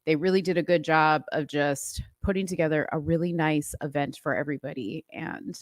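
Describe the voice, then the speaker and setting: A woman's voice: deep voice, fairly even intonation, fairly quick, few pauses, dry recording, clean studio sound. A woman co-hosting a podcast, telling a story in a chatty, gushing way and saying "like" often. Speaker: podcast co-host. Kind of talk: casual chat.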